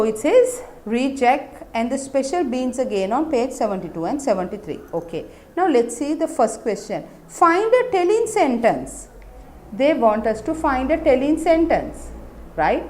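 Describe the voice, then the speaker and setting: A woman's voice: high voice, a little mellow, a little hiss or hum. A woman teaching an English lesson to young children, explaining patiently and checking understanding with tag questions. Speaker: primary school teacher.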